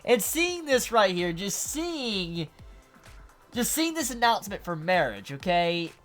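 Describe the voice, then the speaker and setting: Animated young woman reviewing manga. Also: mid-range voice, measured pace, soft background music. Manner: emphatic, swears often, repeats words. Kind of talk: casual commentary.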